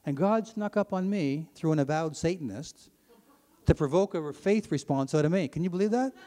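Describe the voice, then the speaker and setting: A middle-aged man from Ontario, earnestly telling his personal faith testimony to an audience, his voice climbing when he gets excited. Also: on the high side, normal speed. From Ontario, Canada. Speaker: speaker sharing his testimony. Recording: long hall reverb.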